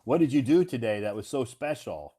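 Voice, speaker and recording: A man's voice: medium pitch, animated, fairly quick, warm tone, slight background noise. A man hosting a casual English conversation lesson, encouraging the learner and rephrasing her answers. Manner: encouraging, rephrases and corrects the student. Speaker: English teacher, host.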